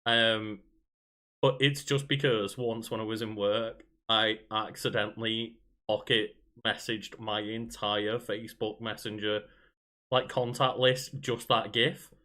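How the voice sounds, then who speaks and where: Casual co-host, easy laughs, rambling anecdotes full of fillers. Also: male voice, lowish voice, little pitch movement, measured pace, bright, forceful tone. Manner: laughs often, tells stories with many fillers. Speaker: podcast co-host. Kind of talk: casual podcast chat.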